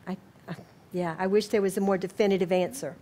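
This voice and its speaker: A woman with a Southern US accent giving a gentle, unhurried spiritual lecture to an audience, with a self-deprecating touch. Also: mid-range voice, steady tone. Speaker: speaker.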